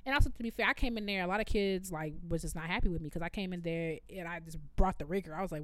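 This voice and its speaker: A woman, co-hosting a casual chat and telling animated stories as a former music teacher. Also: lowish voice, fast, hardly any pauses. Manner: animated storytelling, quoting herself.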